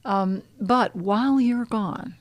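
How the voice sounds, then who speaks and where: A middle-aged woman, an animal communication counselor, talking in a soft, guiding way that sometimes drops to a hushed near-whisper in a podcast interview. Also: mid-range voice, slow, dry recording.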